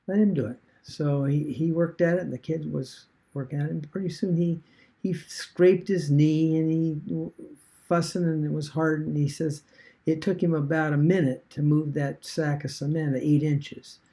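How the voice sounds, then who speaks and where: A man retelling a story casually as an online business vlogger, halting and rambling with many fillers and restarts. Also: on the high side, fairly even intonation, dark tone.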